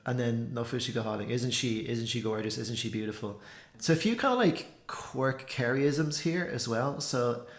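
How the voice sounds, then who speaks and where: A man talks through a language lesson in a relaxed, rambling way, dropping "like" and "so" into nearly every sentence. His voice sits at an ordinary middle pitch. The room around him gives it a noticeable echo. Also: a little slow. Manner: chatty, loose, full of "like" and "so" fillers. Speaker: language teacher. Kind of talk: casual explanatory lesson.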